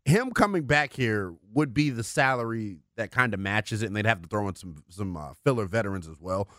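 A man's voice: fairly quick, no echo. A man co-hosting a sports radio show, talking animatedly and firing off rhetorical questions in a studio. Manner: animated, swings from loud to low, rhetorical questions. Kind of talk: sports talk radio banter.

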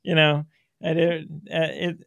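A man's voice: fairly high pitch, level tone, unhurried, vocal fry, a bit bright, dry recording, muffled recording. A middle-aged man hosting a casual interview, rambling and laughing often as he reminisces. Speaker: podcast host, former filmmaker.

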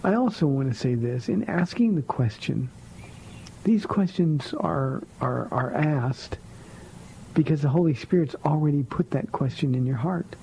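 Man, radio pastor, gravelly voice, mellow dark tone, blunt and firm, call-in answers. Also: a little high, lively intonation, a little slow, a little hiss or hum, poor audio. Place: radio studio.

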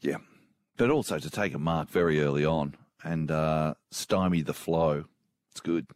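Deep-voiced man with deadpan jokes. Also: measured pace, no echo. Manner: dry teasing one-liners. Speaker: podcast co-host. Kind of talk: banter, deadpan asides.

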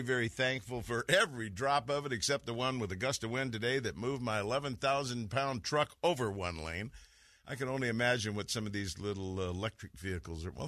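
A man's voice: mid-range voice, sharp tone, dry recording. A man hosting a radio fishing show from the studio, joking and telling stories in a casual, folksy way. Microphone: studio mic with headphones.

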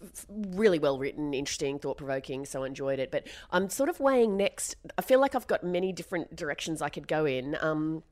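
Curious woman, slightly low voice. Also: lively intonation, fairly quick, hardly any pauses, darkish tone. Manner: curious, hesitant, trailing off with ums. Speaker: podcast co-host. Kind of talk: casual chat. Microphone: corded microphone at home.

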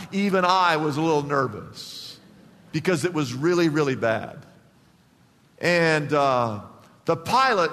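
A man pastor preaching a sermon emphatically, with big swings in pitch and loudness, in a church. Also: long reverb tail.

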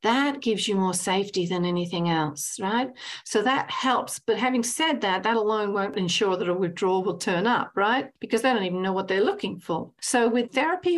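A woman counsellor and hypnotherapist talking in an interview, animated, often acting out little scenes and adding "right?" to her points. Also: medium pitch. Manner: animated, acts out little scenes with lively voices; frequent tag "right?". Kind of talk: conversational interview.

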